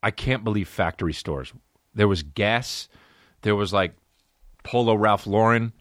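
A man's voice: on the low side, unhurried, a bit bright, no room sound, studio quality. A man hosting a solo comedy podcast, ranting and riffing with profane, exaggerated stories. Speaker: podcast host.

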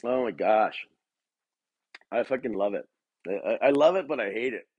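Husky, cursing man ranting solo. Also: on the low side, lively intonation, no room sound, highs cut off. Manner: profane, rambling, laughs often; halting, many restarts and fillers. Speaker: podcast host. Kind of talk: rambling solo rant.

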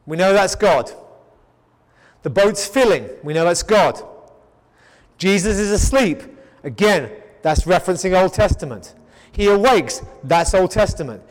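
High-voiced man preaching in a reverberant hall. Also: animated, unhurried, long pauses. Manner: emphatic, repetitive rhetorical build-ups; frequent stammered restarts. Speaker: Bible teacher. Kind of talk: sermon-style Bible teaching.

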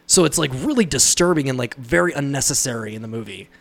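A man's voice: mid-range voice, expressive, fast talker, creaky, a bit bright. A man chatting casually about movies, rambling with lots of fillers and laughing often. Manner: rambling, laughing, mimics voices in quotes.

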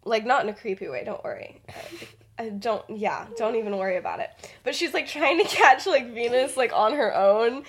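A woman's voice: on the high side, animated, normal speed, slight background noise. A young adult woman hosting a podcast, telling a story in a chatty, rambling way full of fillers. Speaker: podcast host. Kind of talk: casual storytelling.

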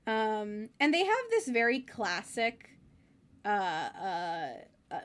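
A woman's voice: medium pitch, slow. A woman co-hosting a casual podcast, retelling a book with lots of giggling. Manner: giggly, animated retelling with frequent laughs. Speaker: podcast co-host. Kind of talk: casual book discussion chat.

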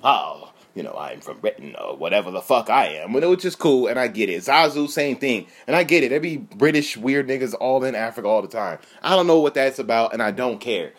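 A man's voice: mid-range voice, very animated, brisk, hardly any pauses. A man in his thirties delivering a profane, comedic rant with laughing asides. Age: 30s. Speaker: comedian host.

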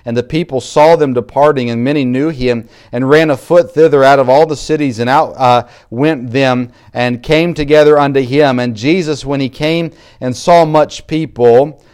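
A man preaching a sermon, reading scripture aloud in King James wording and building from quiet reflection to louder emphasis. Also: medium pitch, normal speed, few pauses, clean tone.

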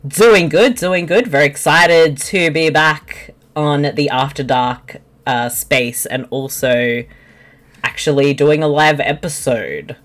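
A woman's voice: low voice, takes it slowly. A woman hosting a podcast in playful, casual chat. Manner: playful, laughs easily. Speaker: podcast host.

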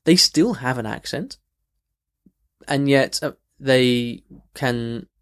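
A man hosts a language podcast and talks through a listener's question. He is earnest and restarts his sentences often, with sudden emphatic lifts. His pitch sits in the middle range. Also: takes it slowly, a bit bright. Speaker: podcast host and language coach.

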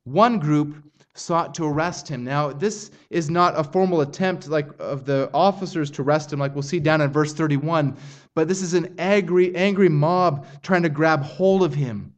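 A man's voice: a little high, normal speed. Earnest man preaching a sermon. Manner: earnest expository preaching, rising intensity on quoted lines. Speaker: pastor.

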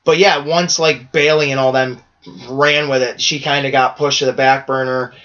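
A man co-hosting a podcast in casual wrestling chat, rambling and animated, swearing freely. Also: mid-range voice, normal speed, muffled recording. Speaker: podcast co-host.

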